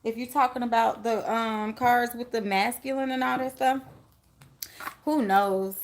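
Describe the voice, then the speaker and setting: A woman's voice: a little high, fairly even intonation, unhurried, slight background noise. A woman giving a live-stream tarot reading, chatting with viewers and laughing often. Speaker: tarot reader.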